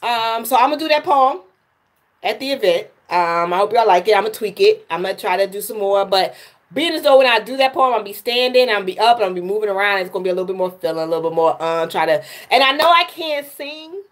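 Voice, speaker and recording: A woman's voice: mid-range voice, expressive, fast talker. A woman hosting her own livestream, talking straight to viewers in a chatty way and often repeating words. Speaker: livestream host and poet. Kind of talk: casual livestream chat with viewers.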